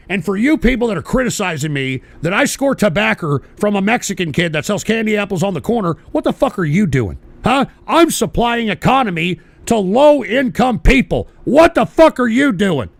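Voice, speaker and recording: A man hosting a radio show, ranting angrily and profanely with bursts of shouting while he smokes. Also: sits high, creaky, dry recording. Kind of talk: ranting monologue.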